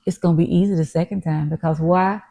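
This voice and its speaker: A woman's voice: fairly low pitch, fairly even intonation, fast talker, gravelly. A woman co-hosting a casual podcast, speaking in an encouraging, affirming way and cheering on her co-host. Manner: warm, encouraging, affirming, calls listeners "y'all" and co-host "baby".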